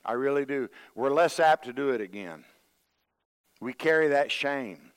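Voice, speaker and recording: A man's voice: mid-range voice, measured pace, clean tone, big-room sound. A man preaching a sermon, folksy and storytelling, acting out the voices he quotes. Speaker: pastor.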